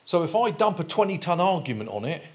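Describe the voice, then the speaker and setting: A man's voice: fairly high pitch, very animated, fast talker, a little mellow, slight background noise. A man preaching a sermon in a conversational way, explaining his points with homely everyday examples. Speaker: pastor.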